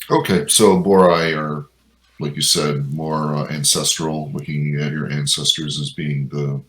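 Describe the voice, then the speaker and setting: A man speaking as a player in a tabletop role-playing game, relaxed and a little hesitant. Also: very deep voice, a little slow. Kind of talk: casual tabletop game chat.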